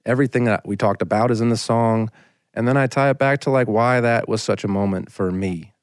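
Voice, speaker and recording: Man, thirties, lowish voice, dry close sound, casual storytelling, loose and rambling. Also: a little fast, dry recording. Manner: rambling, anecdotal, frequent "like" fillers. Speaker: singer-songwriter guest. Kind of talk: casual storytelling in a podcast interview.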